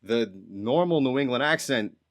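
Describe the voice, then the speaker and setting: A man from Massachusetts with a Boston accent, co-hosting a podcast and chatting casually in a rambling, animated way. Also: mid-range voice, moderate pace, no echo, clean studio sound. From Massachusetts, North Shore. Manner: rambling, animated, repeats himself. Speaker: podcast co-host. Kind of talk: casual chat.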